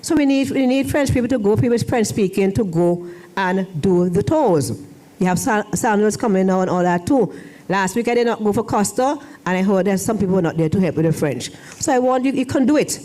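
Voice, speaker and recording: A woman's voice: medium pitch, lively intonation, a little fast, warm tone. Rambling woman giving a speech. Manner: rambling, repeats and restarts phrases. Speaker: guest speaker, former foreign language officer. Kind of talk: ceremony speech. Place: church hall.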